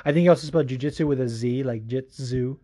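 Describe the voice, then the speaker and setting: A man's voice: mid-range voice, rapid-fire, warm tone. A man hosting a solo podcast, chatting casually, rambling and swearing a lot, laughing often. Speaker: podcast host.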